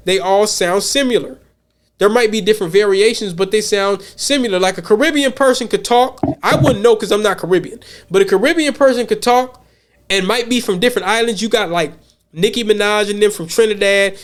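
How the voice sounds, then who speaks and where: High-voiced man rambling on a podcast. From United States. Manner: rambling, repeats words while thinking; blunt and profane. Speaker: podcast host. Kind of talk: casual podcast chat.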